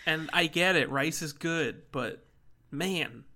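A man throws in jokes and swear words as a co-host on a casual podcast, laughing often. His voice is bright and on the high side for a man, and he talks at an unhurried, drawn-out pace. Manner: wisecracking, swears, laughs a lot.

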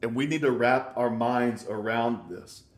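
A man's voice: mid-range voice, unhurried. Male pastor, 30s, conversational sermon, emphatic and repetitive. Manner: emphatic, conversational preaching with repeated words. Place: on location in a city.

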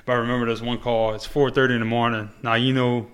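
A man hosts a relaxed, casual conversation. He rambles into stories with plenty of "uh" and "man" and swears freely. His voice sits at an ordinary middle pitch. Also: fast talker. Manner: laid-back storyteller, frequent fillers and profanity. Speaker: podcast host, former paramedic.

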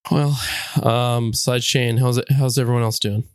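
A man's voice: medium pitch, steady tone, moderate pace, smooth, dry recording, clean studio sound. A man hosting a tabletop game podcast as game master, easygoing and laughing along with the players. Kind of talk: casual podcast chat.

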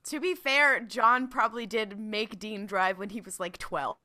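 A woman's voice: medium pitch, fairly even intonation, measured pace, bright, forceful tone. A woman co-hosting a podcast, chatting casually with giggly, jokey asides. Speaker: podcast co-host. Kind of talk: casual recap chat.

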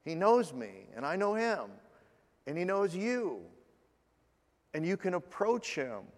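A man preaching a sermon as pastor, earnest, slowing down for scripture and dropping to a hush in prayer. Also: high voice, very animated, long reverb tail.

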